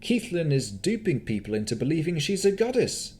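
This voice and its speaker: A man reading as a young woman adventurer, calm and reassuring, in a raised, gentle voice. The pitch sits well above his own, with a lively audiobook delivery. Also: brisk, slight background noise. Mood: grim. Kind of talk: audiobook character voice.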